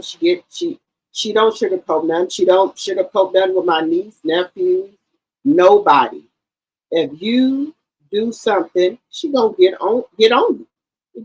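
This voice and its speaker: A middle-aged woman hosting a livestream, chatting in a casual, animated storytelling way and calling her listeners baby and girl. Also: mid-range voice, husky, low-quality recording. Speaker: livestream host.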